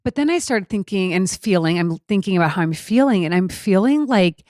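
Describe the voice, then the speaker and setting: A woman in her forties co-hosting a podcast, talking in a chatty, animated way with many fillers and restarts. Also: medium pitch, brisk, dry recording, clean studio sound. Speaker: podcast co-host. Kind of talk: casual chat.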